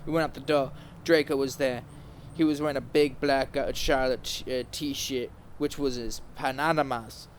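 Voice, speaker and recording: A man's voice: medium pitch, fairly even intonation, normal speed, a little hiss or hum. Male host reading a story aloud for laughs, mid-range voice, trips over words, sudden mock-dramatic bursts. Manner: reads aloud with stumbles and mock-dramatic outbursts. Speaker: podcast host. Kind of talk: comedic dramatic reading of a fanfic.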